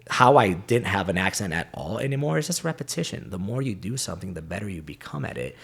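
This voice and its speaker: Low husky-voiced man, animated. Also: fast. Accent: slight Greek. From Greece. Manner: animated storyteller, mimics slang and voices. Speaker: podcast guest. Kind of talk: casual chat.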